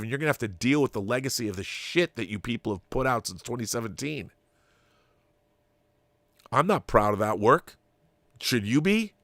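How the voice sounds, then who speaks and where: A man's voice: mid-range voice, a bit bright, no room sound. A man hosting his own channel, ranting in an exasperated, sarcastic and profane monologue. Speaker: channel host. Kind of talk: opinion commentary monologue.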